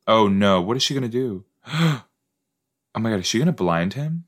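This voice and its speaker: A man's voice: on the low side, animated, moderate pace. A young man chatting casually as a podcast host reacting to a TV episode, rambling, playful and easily startled. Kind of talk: casual watch-along commentary.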